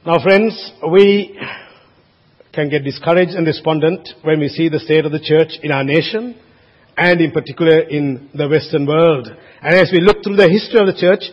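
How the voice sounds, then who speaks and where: A man preaching a sermon as pastor, earnest and emphatic, with frequent restarts and casual asides to the congregation. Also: high-pitched. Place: church sanctuary. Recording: dull lo-fi sound with long church reverb.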